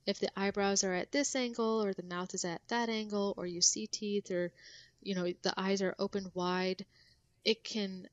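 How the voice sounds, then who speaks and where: A woman's voice: mid-range voice, steady tone, normal speed, no echo, dull audio. A woman guest on a podcast, explaining things casually with lots of fillers and restarts.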